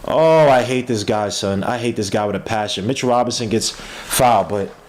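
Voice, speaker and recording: A tired man hosting a podcast, giving casual live play-by-play commentary, excitable and yelling at plays. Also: on the low side, moderate pace, slight background noise. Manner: excitable, yells at plays, trails off mid-word. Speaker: podcast host doing a game watch-along.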